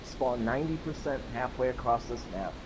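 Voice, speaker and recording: A man's voice: medium pitch, expressive, moderate pace, background noise. A man chatting offhand about a match as a fellow player. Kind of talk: casual gaming chat.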